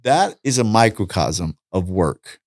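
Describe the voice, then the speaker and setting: A man's voice: deep voice, a little slow, dry recording, clean studio sound. A middle-aged man chatting as a podcast guest, telling stories with lots of energy and acting out the dialogue. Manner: animated storytelling, acts out dialogue. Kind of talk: casual chat.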